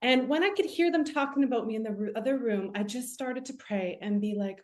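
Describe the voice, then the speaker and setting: A woman's voice: on the high side, fairly quick, a little mellow. Earnest young woman telling her story. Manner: earnest, reflective, with many fillers. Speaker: guest medium. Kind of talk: casual interview storytelling.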